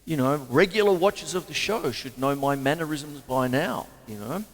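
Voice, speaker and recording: A man's voice: on the high side, lively intonation, moderate pace, long reverb tail. A man hosting a casual livestream drum lesson from his home studio, chatty and rambling, laughing at his own jokes. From Australia. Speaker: drum teacher and show host.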